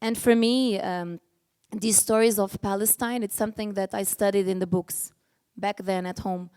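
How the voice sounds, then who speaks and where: A woman's voice: mid-range voice, fairly even intonation, moderate pace, dark tone, smooth. Earnest woman. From Portugal. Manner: earnest, restarts often, gets emotional. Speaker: panel speaker. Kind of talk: panel discussion.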